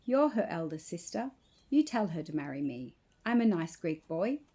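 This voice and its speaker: A woman's voice: lowish voice, very animated, moderate pace, dark tone, breathy edge. A woman voicing a young Greek village man, an earnest lovesick suitor who talks in a pleading, insistent way.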